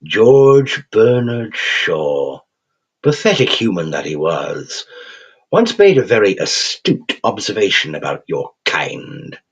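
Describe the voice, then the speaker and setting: A man's voice: lowish voice, very animated, takes it slowly, husky, exaggerated voice. A man doing a crooning raven demon with an English accent. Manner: cheerful crooning showman, mocking. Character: gleeful raven-headed male demon game show host. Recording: dull lo-fi recording.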